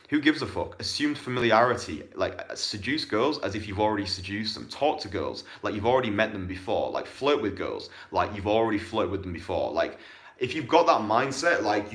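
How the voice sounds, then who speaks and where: A young man coaching on dating in a blunt, profane, casual monologue, with bursts of quick talk. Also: fairly low pitch, fairly bright tone.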